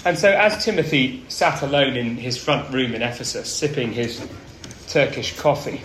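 A man preaching a sermon, earnest and storytelling, often dropping his voice low and soft for emphasis. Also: expressive, moderate pace, a little hiss or hum. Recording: roomy with faint ambience.

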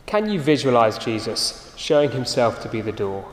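Male preacher, mid pitch, emphatic sermon delivery, reverberant hall sound. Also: big pitch swings, normal speed. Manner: earnest, emphatic, drops to soft low endings.

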